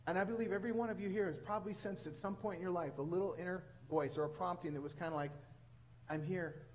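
High-pitched male pastor preaching earnestly to his congregation. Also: steady tone, rapid-fire, low-quality recording. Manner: earnest storytelling with rising emphasis. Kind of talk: sermon.

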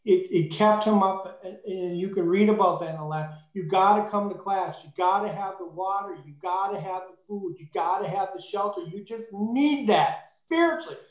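High-voiced emphatic male preacher, echoey room. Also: normal speed, few pauses. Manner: emphatic, rising to high fervent peaks. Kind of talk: sermon.

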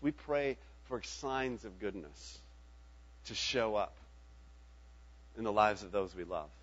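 A man's voice: on the low side, measured pace, pauses often, dull audio. A middle-aged man preaching a sermon in a conversational way, often checking in with his listeners. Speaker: pastor.

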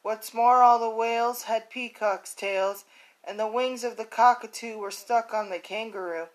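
A woman's voice: fairly high pitch, steady tone, a little slow, natural voice, rough recording. A woman reading as a fretting flock of birds. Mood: fretful.

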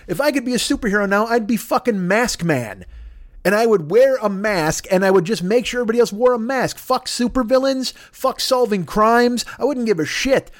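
A man in his fifties hosting a podcast, talking in a blunt, rambling monologue full of swearing and restarts. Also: high-pitched. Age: 50s. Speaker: podcast host. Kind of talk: profane casual monologue.

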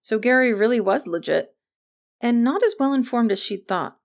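Woman reading an audiobook, gravelly voice, even storytelling. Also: a little high, moderate pace. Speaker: narrator. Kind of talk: audiobook narration.

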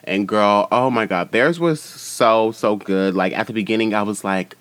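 A man hosting a casual reality-show recap, animated and profane, with sassy asides and frequent laughter. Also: low-pitched, moderate pace, no room sound.

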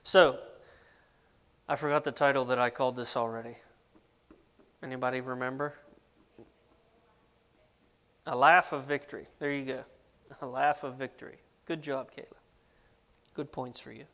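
A man's voice: medium pitch, steady tone, moderate pace, pauses often, a bit bright. A man preaching a sermon, reading scripture aloud with rising emphasis and casual asides to the congregation. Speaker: pastor. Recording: long hall reverb.

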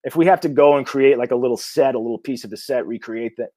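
A man, an independent filmmaker, talking in a casual interview. He is blunt and energetic, swears freely and rambles with restarts. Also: mid-range voice, fast talker, no echo. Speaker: indie horror filmmaker.

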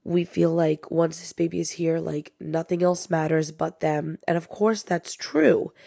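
A woman's voice: low voice, fairly even intonation, unhurried, creaky, mellow, dry recording, clean studio sound. A young woman hosting a podcast, talking casually and confidingly to listeners while she is sick. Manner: chatty, confiding, says "you guys" often. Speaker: podcast host.

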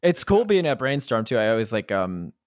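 A man talking as a guest in a relaxed chat, with a mid-pitched voice. He pokes fun at himself and laughs easily. The sound is dry and close, with no room echo. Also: fairly quick. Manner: self-deprecating, laughs often. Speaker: guest, art teacher. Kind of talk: casual interview chat.

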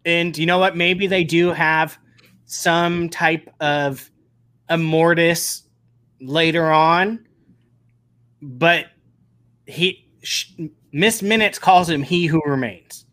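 A man hosting a casual podcast chat, talking with excitable, rambling restarts. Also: fairly high pitch, slow, long pauses. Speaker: podcast host. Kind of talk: casual pop-culture chat.

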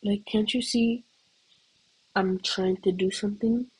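A teenage girl rambles through a casual comedic rant, full of fillers and giggles. Her voice is soft and breathy, her pace slow and drawn out, and her pitch sits in an ordinary middle range. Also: fairly even intonation, low-quality recording. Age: teens. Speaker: student.

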